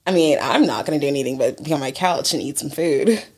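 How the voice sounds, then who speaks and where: A young woman talks casually as a podcast co-host. Her voice sits fairly low for a woman, and she rambles with lots of fillers and giggles. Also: animated, fast, darkish tone, breathy edge. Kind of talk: casual chat.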